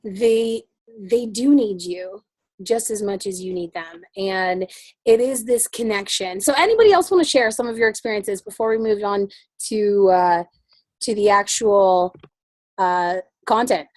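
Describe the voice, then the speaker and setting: Woman facilitator, warm-hearted encouraging group leader, dry close sound. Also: medium pitch, measured pace, no room sound. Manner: encouraging, affirming, many fillers. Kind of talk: leading a women's group discussion.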